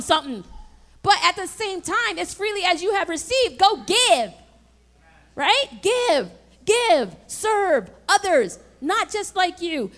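Emphatic high-voiced woman pastor preaching. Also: fairly bright tone. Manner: emphatic, conversational preaching with call-and-response. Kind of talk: sermon.

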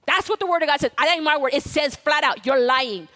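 A woman's voice: sits high, fairly quick, pushed and bright, in a large hall. A woman pastor preaching a sermon in a church, telling a personal story in a conversational way and acting out the dialogue. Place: church sanctuary.

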